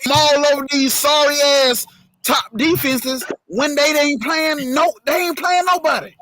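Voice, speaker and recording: A man's voice: very high-pitched, measured pace, bright, forceful tone, dry recording, rough recording. A man hosting a casual sports talk show, arguing emphatically and profanely about college football. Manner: emphatic, profane, repeats himself.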